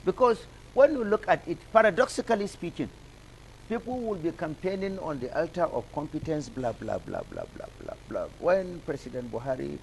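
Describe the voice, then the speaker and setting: A man's voice: a little high, huge pitch swings, normal speed, gravelly, slight background noise, poor audio. A Nigerian man giving impassioned, rhetorical commentary as a guest on a studio talk show, stacking up repeated phrases. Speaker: political analyst guest. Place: television studio.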